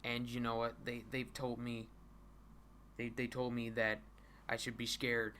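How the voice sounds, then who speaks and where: A male streamer reading a comic aloud live, in a bright, ringing mid-range voice. He stammers and repeats words as he goes and breaks into giggles often. He leans into mock-dramatic dread for comic effect. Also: mid-range voice, completely flat delivery, a little slow, slight background noise. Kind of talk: casual live-stream commentary.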